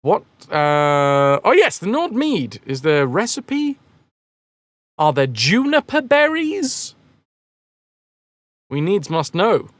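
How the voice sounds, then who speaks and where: A man's voice: on the high side, big pitch swings, slow pace, long pauses, a bit bright, dry recording, studio quality. A man chatting casually on a game live stream, rambling and joking as he answers chat messages.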